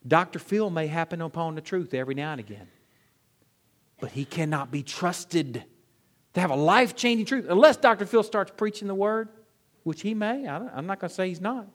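A pastor delivers a sermon to his congregation, rapidly posing rhetorical questions. His delivery is expressive and fairly quick, swinging from loud, emphatic peaks down to low, quiet drops.

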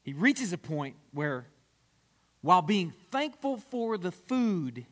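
A man's voice: sits high, sing-song, takes it slowly. A male pastor preaching a sermon, acting out the voices of people in his story.

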